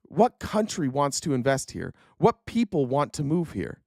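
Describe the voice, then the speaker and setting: Angry stream host, sarcastic and profane, lively pitch, dry close-mic sound. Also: male voice, moderate pace, creaky, no echo. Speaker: political livestream host. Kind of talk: ranting live stream commentary.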